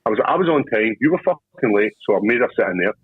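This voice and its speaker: A man's voice: on the low side, lively intonation, fast, husky, no echo, narrow, tinny audio. A Scottish man co-hosting a podcast, telling profane, rowdy stories and laughing as he goes. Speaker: podcast co-host. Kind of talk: casual chat.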